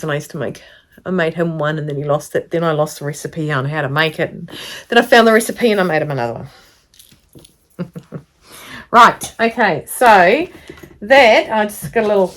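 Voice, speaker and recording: Low-voiced lady rambling on about her crafts, lots of ums, chatty vlog. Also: fairly bright tone, a little hiss or hum. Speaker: craft vlogger. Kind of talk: casual sit-down chat to camera.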